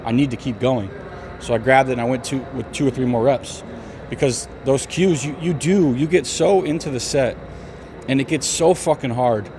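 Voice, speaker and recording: A man's voice: medium pitch, noisy background. A male bodybuilder chatting in a gym, cursing a lot and talking with emphasis. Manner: profane, emphatic, fast-talking. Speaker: bodybuilder vlogger. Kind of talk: casual gym chat.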